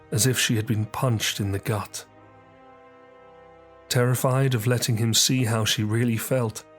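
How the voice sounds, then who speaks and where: A man reading an audiobook story as narrator, measured and descriptive. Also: mid-range voice.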